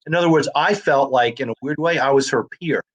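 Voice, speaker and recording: A man's voice: mid-range voice, fairly quick, dull audio. A man, an actor and comedian telling stories in a casual conversation and acting out the dialogue. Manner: animated storyteller who acts out quoted dialogue.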